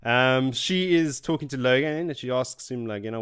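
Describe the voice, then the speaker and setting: A man co-hosting a book podcast, recapping chapters in casual chat and acting out characters' lines in quick voices. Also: medium pitch, fairly bright tone, smooth. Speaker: podcast co-host.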